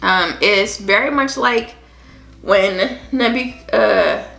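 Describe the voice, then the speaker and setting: Bright-voiced woman podcast host. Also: mid-range voice, takes it slowly, creaky. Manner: earnest and reflective, with frequent restarts. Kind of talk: Bible reading with personal commentary. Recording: echoey room with faint music.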